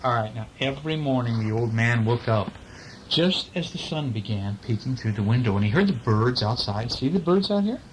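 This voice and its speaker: A man's voice: mid-range voice, lively intonation, normal speed, slight background noise, low-quality recording. Man reading a picture book aloud to a child. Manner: playful, chatty, stops to talk with the child. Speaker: family member reading to a child.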